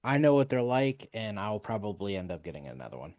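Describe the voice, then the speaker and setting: A man's voice: on the low side, sing-song, quick pace, muffled recording. A man co-hosting a casual podcast chat, talking bluntly and swearing freely. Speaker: podcast co-host.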